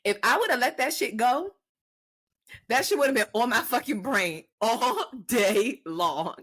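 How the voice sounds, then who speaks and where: Young woman co-host, animated storyteller, bright and lively delivery, casual and profane. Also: on the high side, a little slow. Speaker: podcast co-host. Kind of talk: casual chat.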